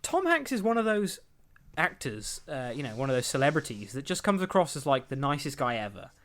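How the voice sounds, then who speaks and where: This podcast host is a young man whose medium-pitched voice sounds very animated, a bit bright, and a little fast. Casually chatting through entertainment news, he wanders off on tangents, laughs a lot, and performs the quotes he reads.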